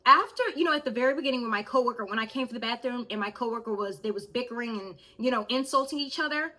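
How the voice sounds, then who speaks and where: A young woman telling a storytime vlog in an animated way, speaking straight to her viewers. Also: fairly high pitch, quick pace. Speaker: vlogger.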